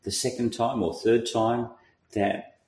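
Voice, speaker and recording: A man recounting his part in a tabletop game, telling it in a relaxed and amused way. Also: medium pitch, slow pace, reverberant, rough recording. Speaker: player. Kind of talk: casual podcast recap of a tabletop game.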